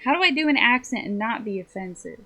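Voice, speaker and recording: A woman's voice: fairly high pitch, expressive, quick pace, pushed and bright, faint music behind. A woman from the Southern US chatting casually as she streams a game, giggly and rambling.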